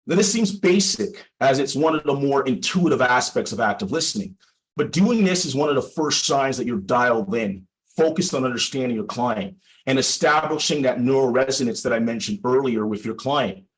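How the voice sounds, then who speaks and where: Man, lawyer, prepared talk, measured and deliberate, emphatic pauses, instructive, middle pitch. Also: expressive, rough recording. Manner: explanatory, instructive tone. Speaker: personal injury lawyer. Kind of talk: prepared presentation for a legal audience.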